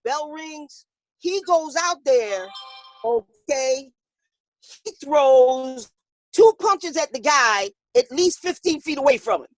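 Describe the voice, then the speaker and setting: Interviewed, a female boxing coach tells a story animatedly, acting out the voices of the people in it and laughing often. Her voice sits high and she speaks slowly, with no echo.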